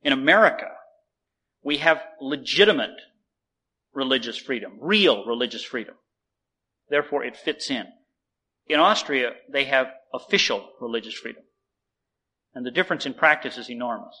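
A man preaching a sermon, telling a story and acting out both sides of the conversation in an animated way. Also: mid-range voice, moderate pace, long pauses, breathy edge, low-quality recording.

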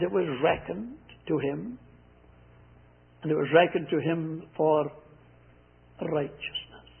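Man, preacher, high voice, husky, emphatic, tinny phone-like recording. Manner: emphatic, repeats scripture lines slowly. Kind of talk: sermon.

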